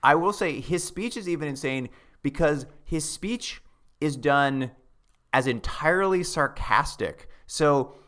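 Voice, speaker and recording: A man's voice: fairly high pitch, expressive, a little slow, a bit bright. A man co-hosting a podcast, recapping a TV episode in casual chat with a dry, wry tone. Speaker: podcast co-host. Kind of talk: casual chat about a TV show.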